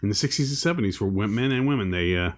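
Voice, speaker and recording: A man's voice: fairly low pitch, animated, rapid-fire. A middle-aged man co-hosting a podcast in casual chat, jokey and full of trivia facts. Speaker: podcast co-host.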